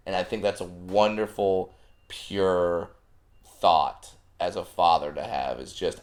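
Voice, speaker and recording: Low-voiced man telling animated stories. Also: slow. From Southern California. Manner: animated storyteller, acting out family anecdotes. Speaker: comedian guest. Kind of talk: casual podcast chat.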